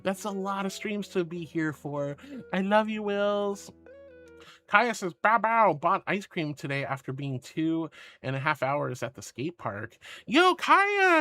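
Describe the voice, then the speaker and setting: A woman's voice: on the low side, fairly bright tone. A woman streaming live, reading her chat aloud and answering in a gushing, affectionate way with sweet pet names and playful noises. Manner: playful, meows and rawrs. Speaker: VTuber streamer.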